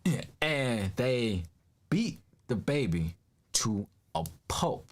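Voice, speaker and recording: A man's voice: mid-range voice, very animated, slow pace. A man giving casual reaction commentary, emphatic and slangy, laughing often.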